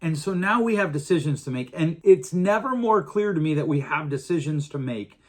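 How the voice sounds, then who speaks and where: A man's voice: a little high, animated, normal speed, darkish tone. A middle-aged man hosting a podcast, talking earnestly in a casual monologue with frequent restarts. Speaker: podcast host.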